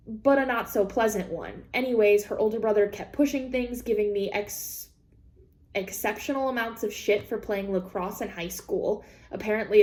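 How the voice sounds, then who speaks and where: A woman vlogger reads an online story aloud and reacts to it in casual chat. Her voice sits a little high, and she swears freely and bluntly with animated asides. The room rings with a noticeable echo. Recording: roomy echo.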